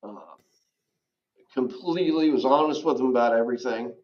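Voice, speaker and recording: A man recounts a hard personal story as an interview guest, speaking haltingly and stopping often to clear his throat. His voice sits at an ordinary pitch, and the recording is slightly dull and lo-fi. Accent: Southern American. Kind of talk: candid personal testimony.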